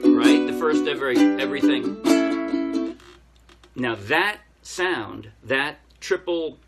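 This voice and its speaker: A man talks through a ukulele lesson in a relaxed, step-by-step way, thinking aloud as he demonstrates. His voice sits at an ordinary middle pitch. Loud ukulele strumming runs behind his words. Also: takes it slowly, over loud music. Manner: relaxed, explaining step by step while playing. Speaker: ukulele teacher. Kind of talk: casual music tutorial explanation. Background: ukulele playing.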